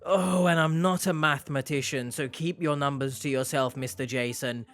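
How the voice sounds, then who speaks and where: A man's voice: a little high, moderate pace, fairly bright tone. Sarcastic man reacting to a clip. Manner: sarcastic, joking asides. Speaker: reaction video host. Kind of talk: casual reaction commentary.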